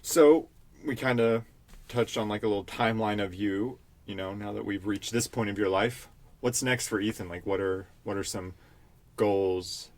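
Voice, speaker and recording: A man hosting a podcast, asking questions in a relaxed, hesitant way with many fillers. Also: lowish voice, normal speed, no echo. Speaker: podcast host. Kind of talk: casual chat.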